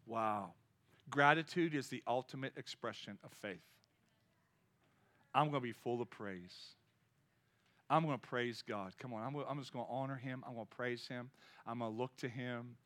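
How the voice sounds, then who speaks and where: A man in his fifties preaching a sermon with energy, swinging between loud exhortation and quiet storytelling. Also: mid-range voice, moderate pace, long pauses. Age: 50s. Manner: energetic preaching, rising loud then dropping to soft storytelling. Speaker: pastor.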